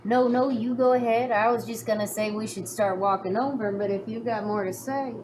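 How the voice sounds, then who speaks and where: A woman's voice: on the high side, fairly even intonation, brisk, a little mellow. A woman playing a tabletop game in character, making dry teasing quips. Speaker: tabletop player. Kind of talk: in-character role-play. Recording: noisy background.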